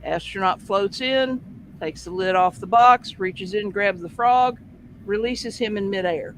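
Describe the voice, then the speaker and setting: High-voiced man spinning a yarn. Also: measured pace, slight background noise, poor audio. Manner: animated storyteller with vivid sound effects. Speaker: host. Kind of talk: casual anecdote storytelling.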